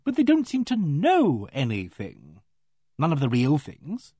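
A man's voice: fairly high pitch, wildly swooping pitch, unhurried, warm tone, husky, dry recording, studio quality, full character voice. A man voicing a vague but blunt vicar's wife who speaks frankly and thoughtfully. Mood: musing. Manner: frank, musing, unembarrassed.

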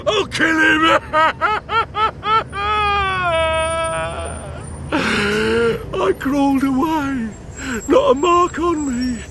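A man's voice: sits high, sing-song, unhurried, background noise. An actor playing a devious, unhinged young man in a radio comedy, swinging from pompous word-lecturing to shrieking hysteria. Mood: hysterical.

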